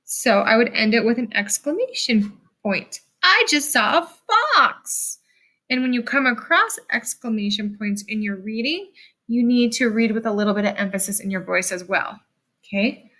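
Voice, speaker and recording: A woman teacher giving a recorded lesson to children, speaking slowly and clearly with strong emphasis. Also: on the high side, fairly bright tone.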